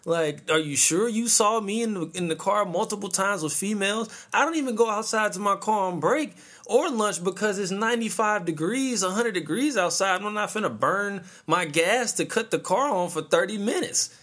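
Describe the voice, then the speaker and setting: A man's voice: high voice, lively intonation, normal speed, fairly bright tone. A man in his thirties hosting a podcast, ranting casually in a profane, slangy storytelling way. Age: 30s. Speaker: podcast host.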